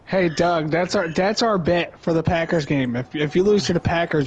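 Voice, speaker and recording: A man's voice: on the high side, normal speed, slight background noise. A man on a call, joking crudely in casual banter. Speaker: guest on call.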